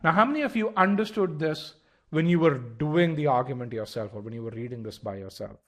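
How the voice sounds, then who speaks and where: A man's voice: a little high, lively intonation, a little fast, fairly bright tone. Man teaching a live webinar. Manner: asks the audience questions and repeats key points; restarts phrases often. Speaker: test-prep instructor.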